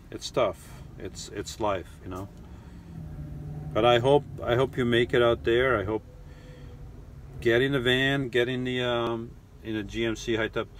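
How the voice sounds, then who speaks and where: Middle-aged male host, halting and rambling chat style, low-pitched, slight background ambience. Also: slight background noise. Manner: rambling, halting, many restarts and fillers. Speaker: live stream host reading chat. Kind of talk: casual live chat. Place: lives in New York.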